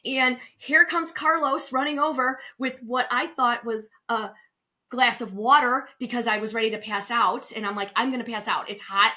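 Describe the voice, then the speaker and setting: A middle-aged woman co-hosting a travel podcast, chatting casually and telling a lively personal story. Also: moderate pace. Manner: lively storyteller, acts out quotes with big pitch jumps. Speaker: podcast co-host and travel advisor.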